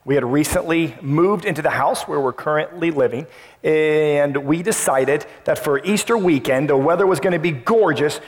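A man preaching a sermon as pastor, telling a family story with lively asides and acting out his own past lines. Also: fairly high pitch. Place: church sanctuary. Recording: long reverb of a church hall.

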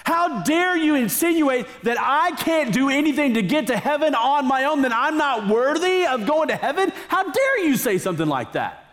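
A preacher mimicking indignant, offended doubters who protest in outrage. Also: male voice, very high voice, sing-song, moderate pace, few pauses, a bit bright, voice pushed up, exaggerated voice.

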